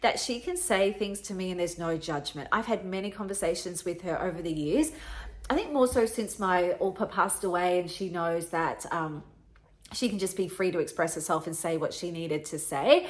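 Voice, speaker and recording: A woman's voice: fairly low pitch, normal speed. A middle-aged woman hosting a podcast, telling an emotional personal story in an earnest way, often repeating herself. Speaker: podcast host.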